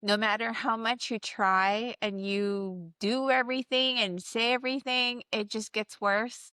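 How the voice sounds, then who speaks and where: A woman's voice: on the high side, fairly even intonation, a little slow, bright, forceful tone, clear, resonant tone, no room sound. A woman hosting a podcast, chatting casually and agreeably with her guest. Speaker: podcast host. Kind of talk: casual interview chat.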